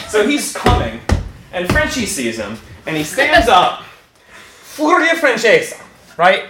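Animated high-pitched male storyteller, echoey room. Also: takes it slowly, long pauses. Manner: animated, laughing, restarts mid-sentence. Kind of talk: live comic storytelling. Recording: echoey room with background noise.

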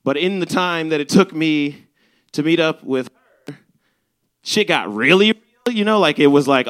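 A man's voice: a little high, animated, normal speed, long pauses, fairly bright tone. A young man from Chicago's South Side telling a comedic story at a live show, swearing and acting out the lines he quotes. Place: live show at a bar venue.

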